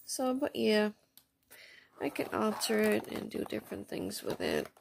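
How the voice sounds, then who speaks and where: A woman chatting casually at home as she shows off craft mail and bargain finds, gushing softly and sometimes dropping to a near whisper. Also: medium pitch, huge pitch swings, a little slow, gravelly, background noise. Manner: soft, gushing, often drops to a near whisper. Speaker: craft vlogger showing received mail and shopping finds. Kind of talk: casual show-and-tell chat.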